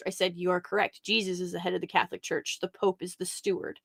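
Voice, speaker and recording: A woman's voice: mid-range voice, fairly quick, no room sound, studio quality. A woman talking as a podcast guest in a casual chat, rambling with many restarts and fillers and acting out quotes from her retellings. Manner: quotes others in animated retellings.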